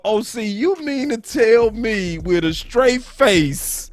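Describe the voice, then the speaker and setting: A man hosting a heated sports debate, talking with preachy mock outrage. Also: high-pitched. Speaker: show host.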